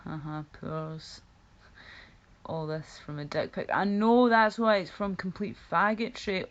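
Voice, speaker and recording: A woman's voice: lowish voice, measured pace, dull audio. A woman live-streaming, rambling through casual chat, reacting to her viewers, laughing often and swearing freely.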